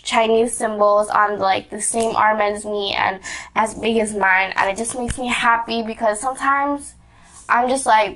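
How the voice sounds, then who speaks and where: A woman's voice: on the high side, steady tone, a little slow, a bit bright. A young woman vlogger telling a casual story, rambling with lots of fillers, restarts and giggles.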